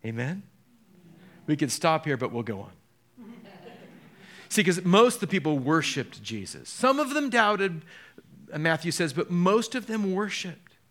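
Pastor with a lively preaching voice. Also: male voice, a little high. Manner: dramatic, quick shifts between soft and loud, voices the figures he quotes. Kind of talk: sermon.

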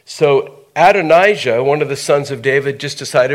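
A man leads a Bible study, moving between reading scripture and talking it over in a loose, conversational way. He drops in asides and filler words and speaks at a middle pitch, like a teacher chatting with a familiar group. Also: normal speed, hardly any pauses.

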